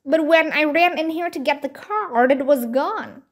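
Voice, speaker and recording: A woman's voice: high voice, unhurried. A woman reading aloud, giving a worried, subdued boy his lines in a voice close to her own. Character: boy Lucky, worried older brother.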